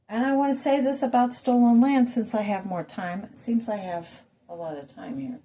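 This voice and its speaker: A woman's voice: a little high, moderate pace, few pauses, warm tone. A woman ranting to her viewers in a rambling monologue full of rhetorical questions and asides. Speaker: vlogger.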